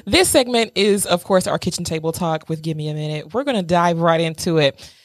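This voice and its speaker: A woman's voice: lowish voice, animated, brisk, no echo. A young adult woman co-hosting a podcast, telling a story in a playful, casual way and acting out what others said. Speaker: podcast co-host.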